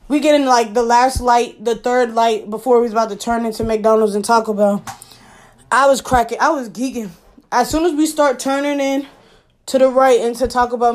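A young adult woman telling a funny personal story in a casual storytime monologue. She is animated and profane, laughs as she goes, and acts out her own lines. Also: on the high side.

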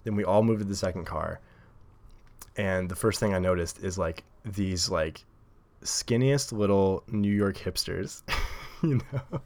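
This podcast host speaks in a low, unhurried voice with a slightly mellow quality. Alone at a table in his home setup, he chats loosely into a desk microphone, dropping plenty of fillers and laughing often.

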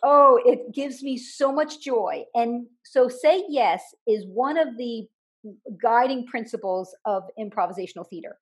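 A woman's voice: a little high, measured pace, breathy edge, poor audio. A woman author being interviewed, talking animatedly and laughing often as she describes things she loves. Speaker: author, guest. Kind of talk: casual interview chat.

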